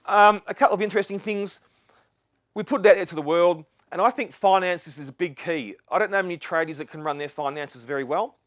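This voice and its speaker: Middle-aged Australian bloke, earnest and rambling, slightly high voice, dry close recording. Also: male voice, brisk, a bit bright, dry recording. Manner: earnest, rambling with restarts and asides. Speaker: speaker. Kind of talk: live talk to an audience. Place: lecture venue with live audience.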